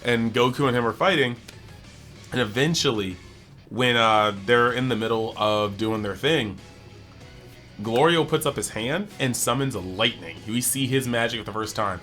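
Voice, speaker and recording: Male anime reviewer, bright tone, loose and chatty, acts out quotes as he goes. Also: medium pitch, soft background music. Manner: animated, acts out characters' lines in quick bits; chatty, heavy use of "like". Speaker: anime review channel host. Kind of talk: casual episode breakdown.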